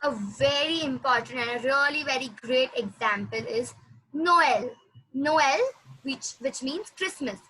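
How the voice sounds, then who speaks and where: High, bright woman teaching. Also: slight background noise, poor audio. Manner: patient, repeats words slowly for the student. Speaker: French teacher. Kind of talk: classroom language lesson.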